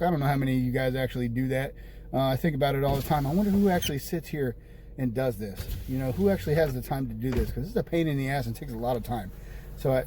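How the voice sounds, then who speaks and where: A man's voice: medium pitch, a little mellow. A man venting to the camera in a casual, rambling vlog, exasperated and repeating himself. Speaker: vlogger. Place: room with windows open near a street. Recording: faint street noise. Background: passing buses and traffic.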